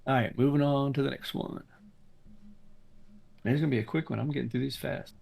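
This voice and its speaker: The man's medium-pitched voice is gravelly and darkish, steady in tone and fairly quick. He's the owner of an online game server running a casual staff meeting over voice chat, firm, blunt, and profane when irritated.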